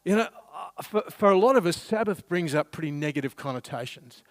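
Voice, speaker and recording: A man's voice: high voice, lively intonation, a little fast, no echo. A middle-aged man preaching a sermon in a church, telling a funny family story in a chatty, self-deprecating way. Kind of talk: sermon with humorous anecdote.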